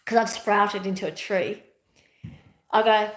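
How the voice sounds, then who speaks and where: A woman's voice: medium pitch, fairly even intonation, unhurried. A woman giving a spiritual motivational talk as a teacher at home, speaking emphatically and repeating her key phrases. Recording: roomy echo.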